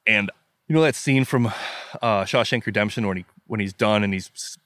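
There's no echo on this lowish, fairly bright male voice, which moves at a moderate pace. He's a Midwestern American podcast guest telling a story vividly and emphatically, dramatizing what he was thinking.

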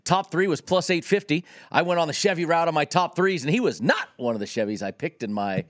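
A man's voice: a little high, expressive, a little fast, a bit bright. A man with a West Coast American accent, co-hosting a casual racing-betting chat in a rambling way with many restarts. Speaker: co-host.

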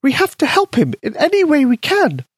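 A squeaky, eager little mouse. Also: male voice, moderate pace, no echo, clean studio sound, full character voice. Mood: urgent. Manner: squeaky, excited. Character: eager little male house mouse, kind-hearted.

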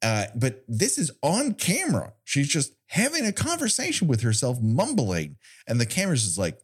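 A man's voice: medium pitch, huge pitch swings, moderate pace. A young man co-hosting a podcast, recapping an old TV episode with sarcastic, swearing comedy and mock voices. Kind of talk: casual comedic chat.

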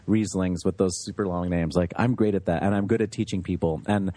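A man's voice: low voice, fairly even intonation, brisk, dark tone, dry recording. A man who runs a restaurant, chatting animatedly in a podcast interview, a German native speaker telling stories and laughing easily. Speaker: restaurant owner.

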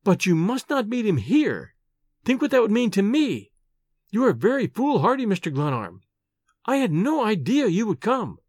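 A man reading aloud and voicing an earnest, refined young woman who speaks in a hurried, pleading way. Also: high voice, wildly swooping pitch, no room sound, pitched above the performer's own voice, full character voice. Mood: anxious.

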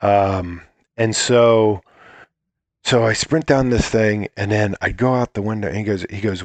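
A man's voice: fairly low pitch, a little slow, no echo. A man telling a rambling, profane story in a casual chat, acting out what others said. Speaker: guest.

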